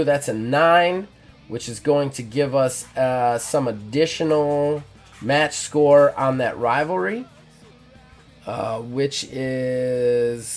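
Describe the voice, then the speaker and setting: A man plays through a wrestling-promoter journaling game on stream. He narrates casually, full of fillers and restarts, at a mid pitch. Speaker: solo game player.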